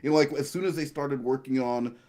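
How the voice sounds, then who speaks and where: A man's voice: mid-range voice, steady tone, a little fast, a little mellow. A man giving casual commentary over an old TV show, rambling through trivia with casual swearing. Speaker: co-host of a watch-along.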